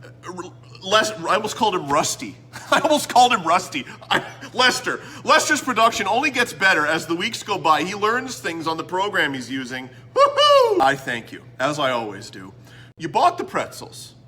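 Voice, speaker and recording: Canadian guy hosting his own comedy show, theatrical and self-mocking, pitch all over the place, sharp bright tone. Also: big pitch swings, moderate pace. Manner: theatrical, self-mocking, swings between loud and mumbled. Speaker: host. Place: indoor room.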